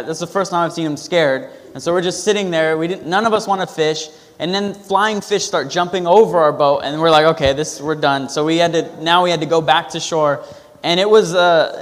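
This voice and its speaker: A man preaching a sermon in a hall with a long echo. His voice sits a little high for a man. He talks loosely and personally, with fillers and restarts as he tells a story. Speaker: pastor.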